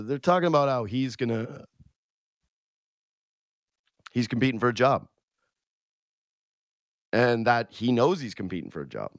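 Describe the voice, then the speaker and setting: Man doing sick sports radio host, low voice, dry studio sound, sarcastic solo rant. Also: no echo. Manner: sarcastic, rambling with restarts. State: sick, losing his voice. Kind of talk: casual solo monologue.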